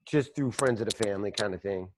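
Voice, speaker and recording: A man's voice: on the low side, fast talker. A man hosting a podcast, rambling through profane stories in casual chat on a close mic. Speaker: podcast host.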